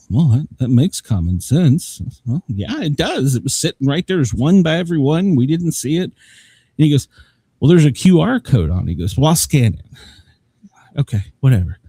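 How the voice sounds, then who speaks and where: A man's voice: a little high, darkish tone, breathy edge, no room sound. A man hosting a live show, telling a long rambling story with plenty of laughs and swearing, acting out both sides of each conversation. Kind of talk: casual storytelling.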